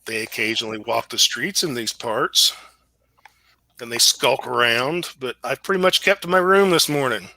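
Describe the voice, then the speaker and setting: A man's voice: mid-range voice, normal speed, sharp tone, no room sound. A man voicing an indifferent, balding middle-aged man who answers offhandedly in a tabletop game. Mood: offhand. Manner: offhand, shrugging replies.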